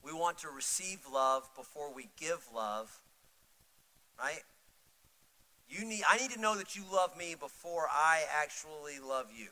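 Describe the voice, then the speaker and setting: A middle-aged male pastor preaching a sermon, swinging from loud, urgent pleading to soft, intimate storytelling. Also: on the high side, lively intonation, measured pace, poor audio.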